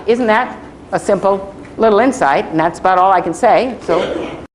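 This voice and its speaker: A woman scholar giving a slow, gentle, musing lecture. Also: medium pitch, slight background noise. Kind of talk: reflective lecture. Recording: echoey room on digitized DVD.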